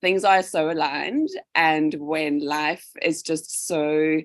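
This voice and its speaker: A woman guest author chatting in an interview over a video call, excited and emotional. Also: low-pitched, slow pace, no room sound, clean studio sound. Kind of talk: casual interview chat.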